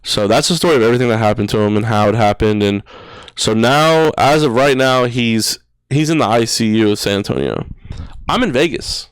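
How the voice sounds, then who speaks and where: A young man in his twenties tells a personal story on a podcast, in loose slang and heavy swearing. His voice is smooth and clear at a middle pitch. It is recorded close and dry in a studio. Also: a little fast, dry recording. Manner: casual, swears a lot, says "bro" and "dude". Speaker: podcast guest. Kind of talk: emotional storytelling.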